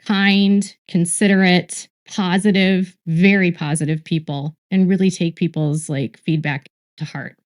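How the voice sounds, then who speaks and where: Woman commentator in a played clip, recounts gossip from sources, slow and repetitive. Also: fairly low pitch, steady tone. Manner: lists traits slowly, repeats words for emphasis. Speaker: online commentator.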